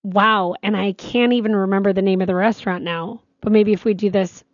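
A woman's voice: medium pitch, a little fast, dry recording, highs cut off. Chatty woman. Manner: chatty, animated storytelling. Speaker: radio show co-host. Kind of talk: casual chat.

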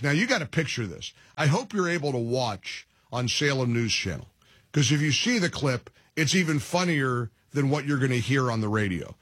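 Animated, mocking talk radio host man. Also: medium pitch, slightly rough, no room sound, clean studio sound. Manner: mocking, animated, laughs at his own jokes. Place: radio studio.

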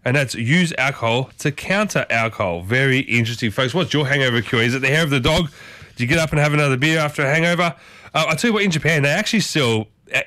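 Chatty man with a bright, dry voice. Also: mid-range voice, no room sound. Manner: chatty, asks the audience many questions. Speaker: host. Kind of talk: casual talk to listeners.

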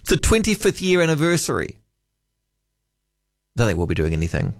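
Talkback host, Kiwi man, lively up-and-down voice, dry close studio sound. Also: a little high, fairly quick, no room sound. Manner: musing, chatty, reads out listener texts. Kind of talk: casual late-night radio chat. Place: radio studio.

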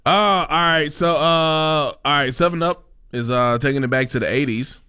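A man's voice: on the high side, moderate pace, smooth, no echo, studio quality. A man co-hosting a podcast, chatting casually with lots of joking and laughter. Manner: animated, laughing, joking banter. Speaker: podcast co-host. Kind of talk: casual chat.

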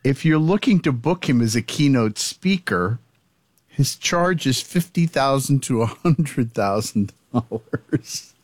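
A man's voice: mid-range voice, expressive, slow pace, a little mellow, no room sound. A man co-hosting a podcast in casual chat, reading out facts and telling small stories. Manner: chatty, reads facts aloud. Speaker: podcast co-host.

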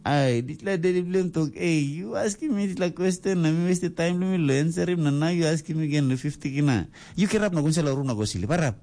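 A man's voice: sing-song, normal speed, vocal fry, dark tone, full character voice. A man with a Papua New Guinean accent voicing a stern, irritated father scolding his small son. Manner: high scolding exclamations.

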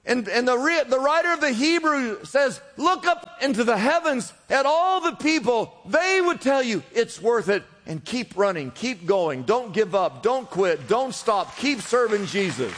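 A man preaching a sermon to a congregation, calling out to the crowd and swinging between loud emphasis and quiet drops. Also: very high voice, animated, measured pace, few pauses. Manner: preaching with call-and-response, rising and dropping emphasis. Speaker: pastor. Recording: long reverb of a large hall.

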